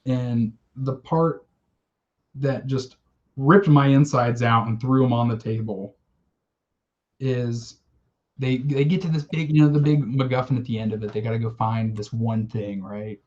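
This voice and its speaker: A man on a casual podcast recounts a story with heartfelt enthusiasm, swearing now and then. His voice sits at an ordinary pitch. The recording sounds slightly dull and lo-fi. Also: fairly even intonation, measured pace, a little mellow. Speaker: podcast co-host. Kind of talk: casual chat.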